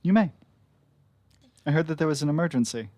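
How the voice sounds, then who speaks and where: A man voicing a brisk, matter-of-fact female dragonborn mayor in a tabletop game. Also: fairly high pitch, expressive, a little mellow, dry recording, natural voice. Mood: businesslike.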